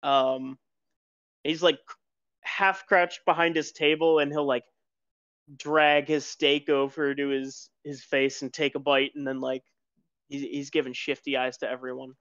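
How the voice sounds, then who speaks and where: A man narrating a tabletop game as game master, relaxed and chuckling with lots of fillers. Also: mid-range voice, unhurried, clear, resonant tone, no room sound. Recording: dull lo-fi sound.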